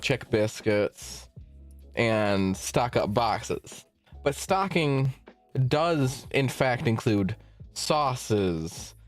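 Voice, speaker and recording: A young man streamer recounting a work story in loose, casual chat. He swears a lot and acts out each quoted line with lively energy, his voice sitting at an ordinary middle pitch. Faint music plays underneath.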